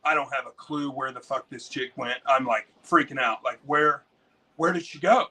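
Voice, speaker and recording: An American man, a dog breeder and interview guest, telling stories in a rambling, excitable way full of swearing. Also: medium pitch, normal speed, breathy edge, far from the mic, poor audio. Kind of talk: casual storytelling.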